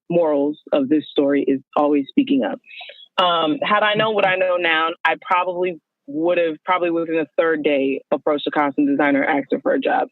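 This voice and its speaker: A woman guest telling her story on a phone call, animated and acting out the dialogue she quotes. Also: low-pitched, no room sound. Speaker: guest, wardrobe stylist. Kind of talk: casual storytelling over the phone. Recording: tinny phone line.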